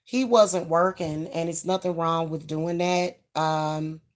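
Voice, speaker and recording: A woman's voice: sits low, steady tone, slow. A middle-aged woman, giving frank advice to parents in a chatty way, full of fillers and restarts. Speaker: channel host giving advice. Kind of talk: casual advice talk to camera.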